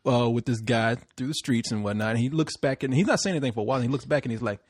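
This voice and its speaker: A man's voice: mid-range voice, very fast, no echo, clean studio sound. A young man telling a rambling story in casual chat, with many restarts.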